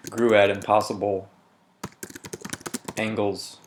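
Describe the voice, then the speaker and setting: Guy teaching grammar on a recorded lesson, kinda low voice, walks through it step by step, keys clacking in the background. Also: little pitch movement, background noise. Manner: methodical, reads example sentences slowly with emphasis.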